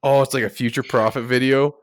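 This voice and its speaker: A man's voice: medium pitch, fairly even intonation, brisk, smooth, dry recording. A young man co-hosting a podcast in casual chat, joking and swearing through his stories. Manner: profane, joking storytelling. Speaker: podcast co-host.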